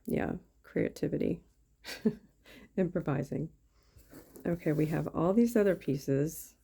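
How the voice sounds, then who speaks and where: A woman with a twang talks her viewers through a craft project, rambling and thinking aloud as she goes. Her voice sits low, with a gravelly fry and a dark, mellow tone. She sounds like she is recording at her craft table at home on a camera mic. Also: slow pace. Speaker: craft YouTuber. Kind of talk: casual craft-along chat.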